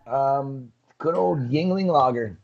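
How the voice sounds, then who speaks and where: A man's voice: medium pitch, takes it slowly, vocal fry. A man guest on a live talk show, chatting loosely and telling stories with plenty of fillers, heard over a video call. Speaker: guest, coral business owner. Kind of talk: casual chat. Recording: muffled lo-fi audio.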